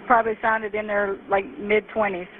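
A woman store clerk calling an emergency line after a robbery, speaking in a shaken, hesitant, halting way. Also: mid-range voice, flat delivery. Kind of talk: emergency phone call. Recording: tinny phone line with faint hiss.

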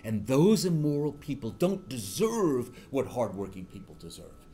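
A man's voice: medium pitch, big pitch swings, normal speed, dark tone, soft background music. A man quoting a blunt, dismissive older male senator in a matter-of-fact tone.

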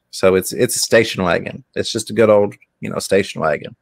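A man's voice: deep voice, fairly even intonation, a little fast, creaky, darkish tone, no echo, clean studio sound. A middle-aged man hosting a casual chat, easygoing and rambling, often restarting his sentences. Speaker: host.

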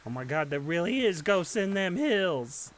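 A man in casual gaming voice chat, deadpan with crude jokes. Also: high-pitched, normal speed, noisy background. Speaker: gamer.

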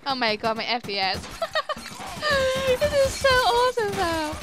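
A young woman hosting a let's play, reacting excitably to the game with squeals and laughter. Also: extremely high pitch, moderate pace. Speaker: gaming channel host. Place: home room at her dad's house.

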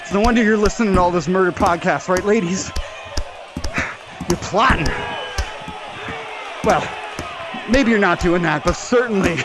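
A man ranting profanely and angrily while boxing in a VR game, out of breath from the workout, with shouted outbursts. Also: high-pitched, normal speed, pauses often, a crowd in the background. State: out of breath from exercise. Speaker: VR fitness vlogger. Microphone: VR headset mic.

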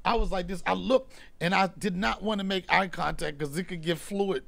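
A middle-aged man, a comedian and host, telling profane stories in casual talk and acting out scenes with loud bursts. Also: high voice, steady tone, moderate pace, vocal fry, slight background noise. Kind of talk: casual storytelling.

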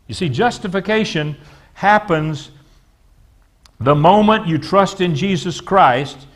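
Pastor preaching with call-and-response. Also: male voice, fairly high pitch, fairly bright tone. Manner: preaches with call-and-response to the congregation, repeats words. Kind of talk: sermon. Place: church sanctuary.

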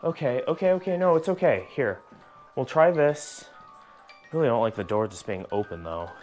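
A man hosts a ghost-hunting vlog from inside an old house, talking softly and soothingly to a presence he cannot see, then flaring up in startled bursts. His voice sits at an ordinary middle pitch. Faint music plays underneath. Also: animated, moderate pace. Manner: soothing, reassuring talk to an unseen spirit; jumpy, startled outbursts. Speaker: paranormal investigator. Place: indoors in an old house at night.

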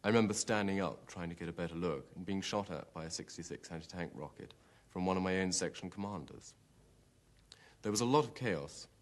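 A man, a former platoon commander, giving a steady, matter-of-fact account of a fight in a documentary interview. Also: deep voice, a little fast. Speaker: army platoon commander recalling a battle.

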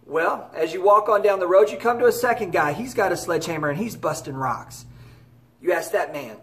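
A man's voice: high-pitched, brisk, fairly bright tone. A man giving an earnest, encouraging motivational talk to camera as a baseball academy director.

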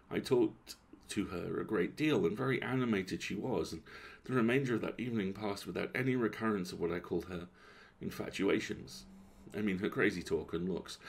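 A man reading a classic story aloud as a bedtime story, in a calm, measured, gravelly voice. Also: deep voice, slight background noise.

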